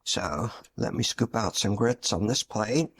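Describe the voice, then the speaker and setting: A man's voice: on the low side, unhurried, fairly bright tone, husky. A middle-aged man with a Southern US accent, chatting his way through a casual cooking demonstration in a folksy, homey manner. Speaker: cooking channel host.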